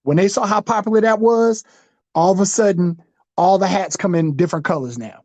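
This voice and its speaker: A man's voice: high-pitched, brisk, a little mellow, dry recording. A man co-hosting a podcast in casual chat, rambling with lots of fillers. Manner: rambling, full of fillers like "you know what I'm saying". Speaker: podcast co-host.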